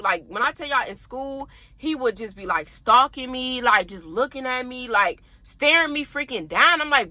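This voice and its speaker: A young adult woman chatting casually to her viewers, telling an animated storytime about her past. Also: high-pitched, normal speed, hardly any pauses, no echo. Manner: animated, talks straight to viewers.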